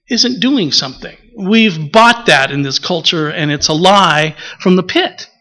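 A man from the preaching a relaxed, conversational sermon, often pausing with filler words and acting out little stories. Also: high-pitched, low-quality recording. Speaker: pastor.

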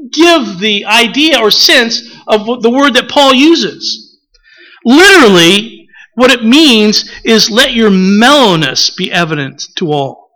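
Pastor guy giving a sermon, bright voice, chatty with lots of uhs. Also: extremely high pitch, rough recording. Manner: conversational preaching with filler words and acted-out quotes.

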